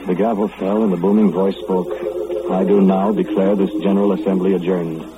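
An actor playing a remorseful young lawmaker who narrates his lovesick memories in a measured, solemn old radio drama. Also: deep voice, flat delivery, natural voice. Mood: wistful. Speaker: narrator and lead character. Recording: phone-like old radio recording, faint hiss.

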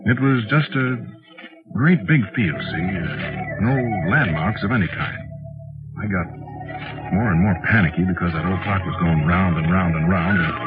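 An actor playing a flustered, folksy young time traveler who tells his story haltingly in an old radio drama. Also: deep voice. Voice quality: folksy, halting, full of uhs and gee. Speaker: time traveler narrating his own tale. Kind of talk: 1940s radio acting. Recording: tinny old radio broadcast with music.

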